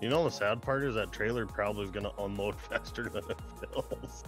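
Low-voiced man teasing over game chat. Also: fairly quick, over music. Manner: teasing, crude humor. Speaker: co-player.

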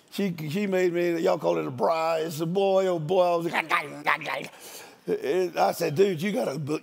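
A man's voice: high-pitched, creaky, a little mellow. An older man, a guest preacher, giving a storytelling sermon in a folksy, joking country manner.

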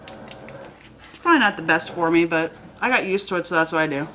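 A woman with a lowish, pushed, bright voice talks a little fast while eating on camera for her casual mukbang vlog, filmed at home right after waking up. She rambles with fillers, and the camera-mic recording is rough, with some hiss or hum.

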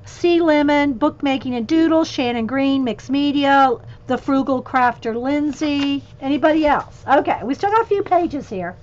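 A craft vlogger with a high, somewhat mellow voice reads a list of channels on a home livestream, at a moderate pace with hardly any pauses; the audio is dull with slight background noise. She chats and rambles, pauses to talk to her cat, and her voice is wearing down in a craft room with a ring light.

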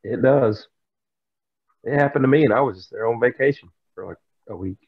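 A man's voice: medium pitch, a little fast, slightly rough. A man with a Southern American accent, chatting casually in a folksy, storytelling way as a podcast co-host. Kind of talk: casual chat. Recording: dull lo-fi sound.

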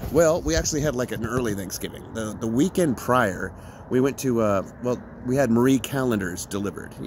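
Emotional, animated middle-aged man. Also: mid-range voice, a little hiss or hum. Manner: emotional and rambling, laughing through sadness. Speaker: vlogger. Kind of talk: casual monologue.

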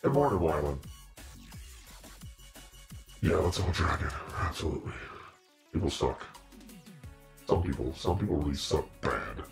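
A man's voice: very deep voice, expressive, a little slow, gravelly, pauses often, soft background music. A man in a casual live-stream chat with viewers, playful and mock-preachy, laughing often. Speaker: costumed demon-character livestreamer.

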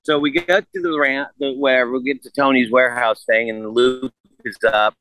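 Speaking a little fast in a mid-range voice, a man in his sixties guests on a podcast and tells a profane, animated story packed with quoted dialogue, keeping it casual. There's no echo, though the recording is low-quality.

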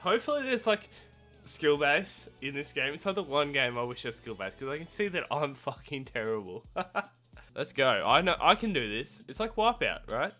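Excitable gamer yelping through gameplay. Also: medium pitch, normal speed, faint music behind. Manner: excitable, yelps and shouts at the game; swears and mocks own skill. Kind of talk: let's-play gameplay commentary.

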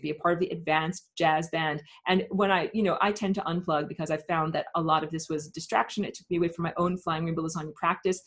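A woman leads a live webinar, her voice on the low side. She delivers an emphatic, impassioned rant full of pauses and fillers.

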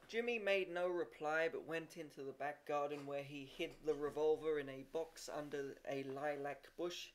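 A man reading a short story aloud in a steady amateur audiobook style, with occasional slips and restarts. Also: a little high, normal speed, few pauses. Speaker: reader.

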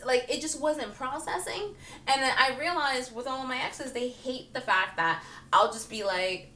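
A woman vlogger talking casually and comically to the camera, chatty and animated with many fillers and frequent laughter. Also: high-pitched, moderate pace, heavy background noise. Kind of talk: casual comedic monologue to camera. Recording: roomy echo, speaking from a distance.

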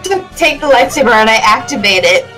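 A woman's voice: on the high side, lively intonation, brisk, sharp tone, poor audio. A woman playing a character in a tabletop role-playing game, eager and laughing often. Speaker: player. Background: music.

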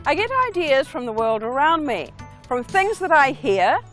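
Woman, New Zealand accent, children's author, singsong, very lively pitch, soft music underneath. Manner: slow, singsong storytelling. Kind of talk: presenting an educational video for children.

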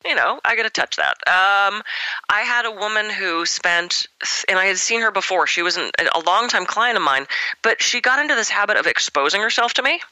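A middle-aged woman, a massage therapist guest in an interview, telling stories in an animated, laughing way. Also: medium pitch, fairly quick, no echo, rough recording. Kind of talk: casual storytelling interview.

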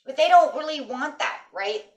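A middle-aged woman with a high, expressive voice gives a chatty tarot reading at a moderate pace. She talks emphatically to viewers, often saying "right?", recorded from a distance and off-mic in an echoey room.

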